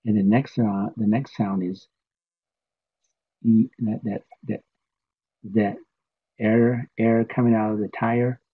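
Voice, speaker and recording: A man whose first language is Navajo, teaching a casual, patient spoken lesson and repeating words slowly for learners. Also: on the low side, level tone, husky. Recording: tinny phone-like audio.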